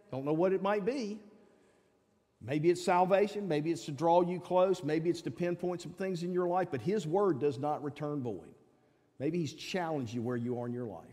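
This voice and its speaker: Preacher, male, mellow and a bit high, emphatic sermon delivery, long church reverb. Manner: emphatic, swings between loud appeals and low asides. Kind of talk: sermon with altar call. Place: church sanctuary.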